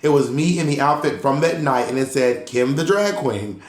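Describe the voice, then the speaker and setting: A man co-hosting a podcast in casual chat, an animated storyteller who acts out the people he quotes. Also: medium pitch, normal speed. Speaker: podcast co-host. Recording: roomy echo.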